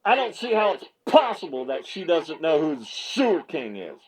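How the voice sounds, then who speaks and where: A man's voice: a little high, very animated, moderate pace, darkish tone, slightly rough, poor audio. A male MMA media host in a fired-up reaction rant, stammering and repeating himself as he gets worked up on his small video set.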